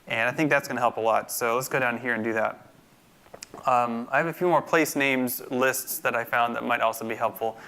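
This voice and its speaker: Male instructor, screencast coding tutorial, gravelly yet crisp tone, bright voice, talks through his steps. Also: medium pitch, brisk. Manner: thinks aloud, many fillers and restarts.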